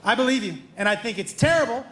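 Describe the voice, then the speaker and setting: A man telling a stand-up story on stage, acting out both sides of a conversation and dropping his voice low for the other person. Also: expressive, fast, fairly bright tone. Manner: acts out dialogue, drops voice low for his son. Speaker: stand-up comedian. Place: comedy stage before a live audience. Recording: echoey club with crowd laughter. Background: audience laughter.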